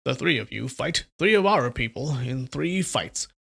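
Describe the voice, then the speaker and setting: A man voicing a calm, wise old male priest, speaking slowly and reasonably. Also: mid-range voice, creaky, slightly rough, full character voice. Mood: reasoning. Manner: slow, measured and reasonable.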